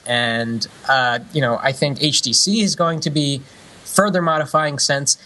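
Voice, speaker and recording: A man's voice: medium pitch, pushed and bright. A man co-hosting a tech podcast, talking earnestly and with enthusiasm about tech trends. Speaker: podcast co-host, editor. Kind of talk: casual tech podcast chat.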